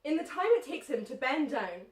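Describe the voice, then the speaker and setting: A woman's voice: high voice, expressive, fairly quick, reverberant, distant mic. A young woman co-hosting a podcast, telling a story in casual chat and often laughing as she talks. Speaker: podcast co-host.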